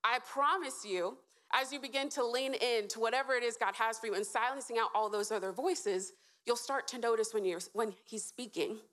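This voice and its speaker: Woman preacher, fairly high voice, earnest and encouraging sermon talk to a live audience. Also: moderate pace, fairly bright tone. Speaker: speaker at a church event.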